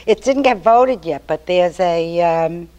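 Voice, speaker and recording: A woman's voice: fairly low pitch, slow pace, dull audio. An older woman giving a chatty, storytelling talk to an activist meeting. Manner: chatty, storytelling, animated quotes. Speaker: activist speaker.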